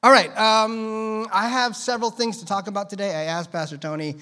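A man gives a relaxed, off-the-cuff sermon in church, his voice sitting a little high. He jokes with the congregation and drifts into tangents before pulling himself back. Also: fairly quick. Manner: rambling, joking, drifting into tangents. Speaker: guest preacher. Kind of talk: casual conversational sermon.

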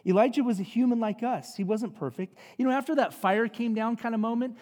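A man preaching a sermon as pastor, animated and conversational, acting out voices in his stories. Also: very high voice, a little fast. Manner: animated, acts out quotes, conversational asides. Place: church sanctuary. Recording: long reverb of a large hall.

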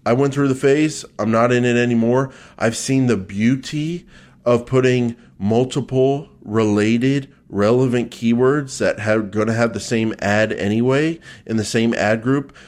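A man's voice: medium pitch, unhurried. Joking man co-hosting an ads podcast. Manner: joking, then steady explaining with fillers. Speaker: podcast co-host, search ads expert. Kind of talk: casual podcast chat and explanation.

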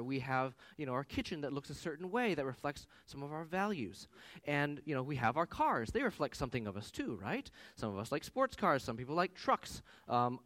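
A man in his thirties preaching a sermon in a conversational way, mixing in personal stories. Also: medium pitch. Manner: animated, conversational with personal anecdotes. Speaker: pastor.

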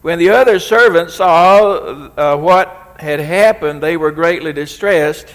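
A man's voice: on the high side, takes it slowly, fairly bright tone. Preaching man in a reverberant hall. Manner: preaching with rising emphasis and quoted scripture. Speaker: pastor. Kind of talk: sermon.

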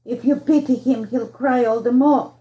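A woman voicing a rough, bullying peasant man who speaks harshly and threateningly. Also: on the high side, steady tone, normal speed, mellow, lo-fi sound, natural voice.

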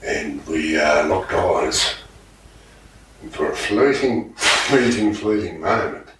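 A man's voice: low-pitched, animated, takes it slowly, fairly bright tone. A man telling crude stories as a podcast host, swearing constantly and laughing mid-sentence. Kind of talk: casual storytelling. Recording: echoey room, distant mic, background noise.

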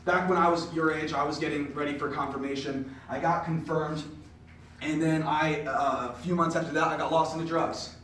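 A young man with a fairly high voice tells his faith story as an animated, casual storyteller. He speaks in a very echoey room, picked up from a distance. A faint hiss sits under his voice. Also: normal speed. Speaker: podcast host giving a faith testimony. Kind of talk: personal testimony speech. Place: indoor room with an audience. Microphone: distant mic.

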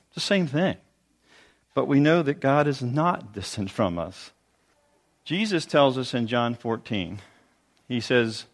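A male pastor gives a sermon in an easygoing, conversational way. He retells scripture stories and poses rhetorical questions to the room. His voice sits at an ordinary middle pitch for a man. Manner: conversational teaching with light laughs and rhetorical asides.

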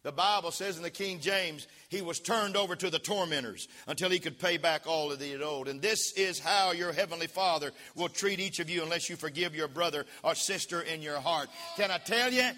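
Guy preaching a sermon, pitch sits kinda high, big echoey church hall. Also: fairly quick, few pauses. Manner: call-and-response preaching, rising to shouts. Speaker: pastor. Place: church sanctuary. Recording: long reverb of a church hall.

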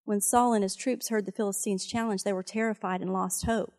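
A woman's voice: mid-range voice, steady tone, brisk, darkish tone. Woman preaching in a chatty storytelling way. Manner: conversational storytelling with fillers and asides. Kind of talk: sermon retelling a Bible story.

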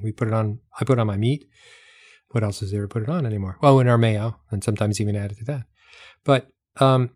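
A man talks through his points in a casual, explanatory way, leaning hard on repetition and rhetorical questions. His voice sits at an ordinary middle pitch. The recording is close and dry, with no room sound. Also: a little mellow, dry recording. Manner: emphatic, repeats points for effect, rhetorical questions. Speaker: health talk host selling products.

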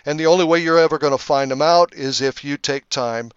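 Man, pastor explaining Bible passages, smooth resonant tone, dry dull lo-fi sound. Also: on the high side, brisk, dry recording. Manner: explanatory, walks through scripture with frequent "uh"s. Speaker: pastor on a Bible discussion panel. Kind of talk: Bible teaching in a panel discussion.

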